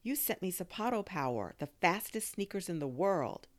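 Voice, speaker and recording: A woman reading aloud and voicing an eager, curious young boy who fires off excited questions. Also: lowish voice, normal speed, voice pushed up. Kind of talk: audiobook reading.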